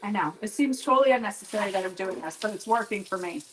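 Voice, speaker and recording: A home baker chats with her live-stream viewers as she bakes, rambling, poking fun at herself, greeting people by name and laughing often. Her medium-pitched voice is a little bright, with lively intonation and a fast pace. The recording is rough, with a faint hiss or hum.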